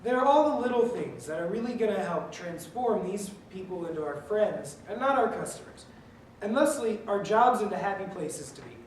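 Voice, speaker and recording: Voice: medium pitch, animated, normal speed. A young adult speaker giving an earnest, prepared speech to pool staff, opening with a joke before urging them on. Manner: earnest, tells a joke then urges the listeners. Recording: echoey room, from far off, faint noise.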